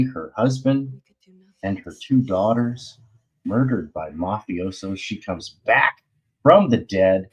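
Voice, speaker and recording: Male host with a low voice, slow and rambling, slangy. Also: poor audio. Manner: rambling, loose and slangy, with many fillers. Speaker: host of a comics talk stream. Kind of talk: casual chat.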